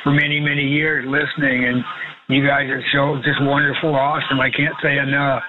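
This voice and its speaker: A man's voice: mid-range voice, little pitch movement, brisk, music in the background. A man in his eighties calling in to a radio show, talking in a rambling, effusive way over a phone line. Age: 80s. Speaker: caller.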